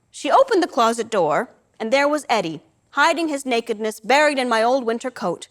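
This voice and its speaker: A woman's voice: on the high side, expressive, fairly quick. An older woman performing a wry, dramatic storytelling monologue on a theatre stage.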